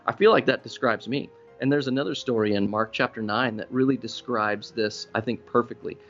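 A man preaching a sermon in a conversational storytelling way, with sudden animated rises for emphasis. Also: medium pitch, a little fast, highs cut off, soft background music. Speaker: pastor.

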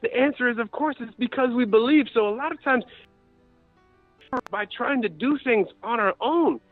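Impassioned male preacher, very high voice, dry tinny radio sound. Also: expressive, normal speed, dry recording, soft background music. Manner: impassioned, rises to crying out. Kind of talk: sermon.

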